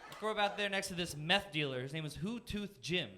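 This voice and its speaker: High-voiced young comic in a noisy club. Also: male voice. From Florida. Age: 20s. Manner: self-deprecating, punchy, rapid shifts into silly voices. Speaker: stand-up comedian. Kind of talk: stand-up comedy set. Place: comedy club stage. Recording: noisy live comedy club with crowd laughter. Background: audience laughter.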